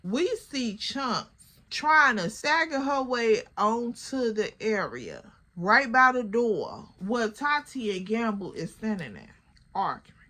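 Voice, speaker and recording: A young woman with a Chicago accent telling a story in a chatty, animated way to her viewers. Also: fairly high pitch, slow pace. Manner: animated, chatty, addresses the listener as girl. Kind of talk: casual storytime vlog.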